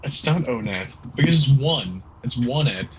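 A man's voice: mid-range voice, lively intonation, moderate pace, a loud crowd. A young man joking around in casual commentary on a game playthrough, goofy and playful. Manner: goofy, joking, puts on silly voices. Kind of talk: casual gaming chat. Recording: noisy amateur voice chat.

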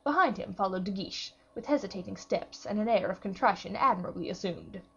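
A woman reads a classic novel aloud in a measured, even storytelling voice. Her tone is husky and breathy. The recording sounds muffled and lo-fi. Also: medium pitch. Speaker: audiobook reader. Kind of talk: scripted narration of a classic novel.

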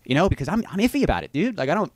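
Fast-talking, stammering man, rambling to camera. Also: high voice, big pitch swings, no echo. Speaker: YouTuber in a played clip.

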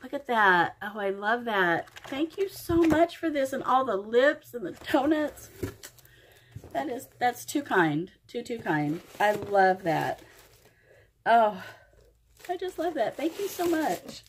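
Gushing, excitable middle-aged woman unboxing crafts. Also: a little high, slow pace, a little hiss or hum. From Oklahoma, USA. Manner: gushing, effusive, exclaims often. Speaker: crafting vlogger. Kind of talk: happy mail unboxing vlog.

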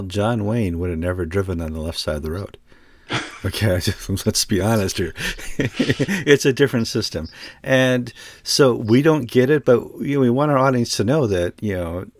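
A man's voice: lowish voice, dry recording, clean studio sound. A man hosting a casual news discussion, who jokes and laughs between his remarks. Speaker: news show host.

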